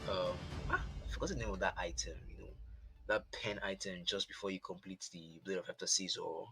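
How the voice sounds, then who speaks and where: A man casting a live esports match, chatty and rambling, thinking aloud as he goes. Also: low-pitched. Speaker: esports caster. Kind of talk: live game commentary. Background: game music.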